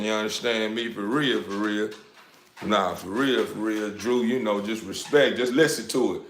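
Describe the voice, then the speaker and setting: Homem falando devagar e repetindo muito, voz um pouco grave, sala com eco e leve ruído. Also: male voice, lowish voice, moderate pace, reverberant, slight background noise. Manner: rambling, repetitive, laughing, addressing viewers. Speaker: dog breeder livestreaming. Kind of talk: casual livestream chat.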